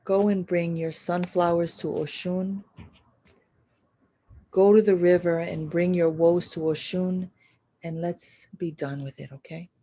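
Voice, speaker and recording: A woman giving a live horoscope and spiritual reading to an audio chat room, blunt and profane, swinging from loud urging to soft murmurs, with repetitive chant-like phrasing. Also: on the low side, steady tone, measured pace. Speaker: astrology and spiritual reader.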